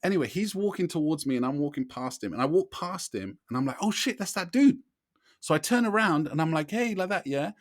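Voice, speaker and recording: A man tells a story on a casual podcast. He talks in an animated, chatty way, with a slightly higher voice than most men. The sound is close and dry. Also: a little fast, dry recording. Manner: animated, keeps saying "you know what I mean". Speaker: podcast co-host.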